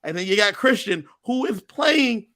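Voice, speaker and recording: Male podcast co-host, high voice, animated storyteller energy. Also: normal speed. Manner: animated storyteller, acts out quotes. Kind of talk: casual chat recapping a reality show.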